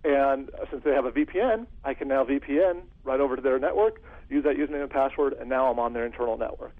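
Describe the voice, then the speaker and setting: Man, security consultant, husky voice, quick delivery, animated storytelling, phone-like lo-fi sound. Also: mid-range voice. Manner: animated, acts out phone calls. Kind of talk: storytelling interview answer. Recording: phone-like lo-fi audio.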